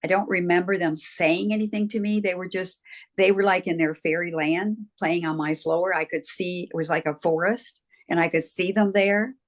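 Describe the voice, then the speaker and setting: Older woman, low-voiced earnest storyteller. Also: steady tone, moderate pace. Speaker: guest. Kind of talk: interview storytelling.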